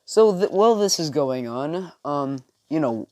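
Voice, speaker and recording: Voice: medium pitch, expressive, unhurried, warm tone, no room sound, clean studio sound. A young storyteller rambling through an improvised fan story in a casual way, full of fillers and restarts.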